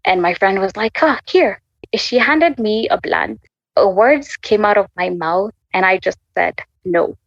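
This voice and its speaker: A woman's voice: medium pitch, gravelly, no echo, highs cut off. A woman in her twenties from Kenya candidly telling her personal faith story as an interview guest. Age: 20s. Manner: candid, conversational, full of fillers.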